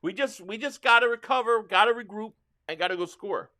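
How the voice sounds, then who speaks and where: A man's voice: high voice, a little fast, bright, forceful tone. A man hosting a live football reaction stream, rambling with frustration and reading out viewer messages. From Philadelphia area. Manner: frustrated, rambling fan talk reading super chats. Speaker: livestream reaction host.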